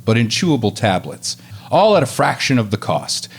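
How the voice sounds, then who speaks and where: Casting: man with a lively, swooping delivery, reading a podcast ad. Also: medium pitch, moderate pace, slightly rough. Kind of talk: read sponsor ad.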